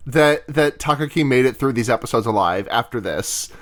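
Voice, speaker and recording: A man's voice: medium pitch, expressive, brisk, fairly bright tone. A man co-hosting a podcast, chatting casually about anime, rambling and laughing often. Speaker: podcast co-host.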